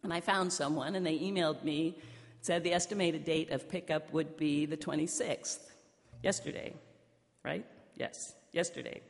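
A woman's voice: deep voice, moderate pace. A woman pastor preaching a sermon, telling a personal story in a conversational way. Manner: conversational storytelling, lively in the punchlines. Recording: long hall reverb.

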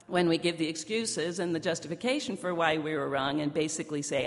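Preaching a sermon, a woman pastor with a fairly low voice tells a personal story briskly and with few pauses. She keeps it conversational, turning lively for the punchlines. The sound has a long hall reverb.

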